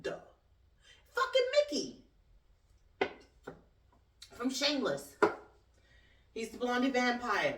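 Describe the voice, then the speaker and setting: A woman's voice: on the high side, huge pitch swings, extremely slow, pauses often, noisy background. A woman hosting her own talk show, ranting bluntly and sassily with plenty of swearing and laughter. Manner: blunt, profane, sassy, laughs often. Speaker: podcast host and cleaning business owner. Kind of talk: casual solo talk-show rant. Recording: roomy echo, distant from the mic.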